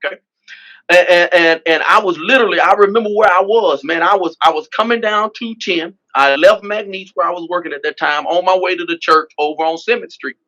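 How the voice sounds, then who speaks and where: A man's voice: high-pitched, a little fast, pushed and bright, poor audio. A man, a pastor and politician telling his story in an interview with an emphatic, repetitive preacher cadence, often saying "man.". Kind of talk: testimonial storytelling.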